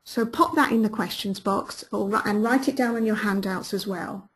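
Husky-voiced upbeat woman coach. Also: medium pitch, fairly bright tone. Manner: upbeat and encouraging, quick praise words; coaxing, repeats key questions. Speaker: business coach hosting a webinar. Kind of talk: live webinar talk, reading out listener comments.

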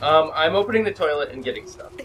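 Young man, let's-play co-host; excitable, wide-ranging voice, faint noise. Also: a little high, fast talker, low-quality recording. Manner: excitable, goofy remarks. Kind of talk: casual gaming chat.

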